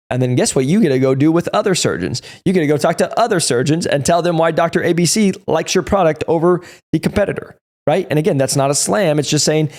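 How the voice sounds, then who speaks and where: Man giving casual sales coaching. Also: mid-range voice. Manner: energetic, acts out dialogue with doctors. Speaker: sales trainer.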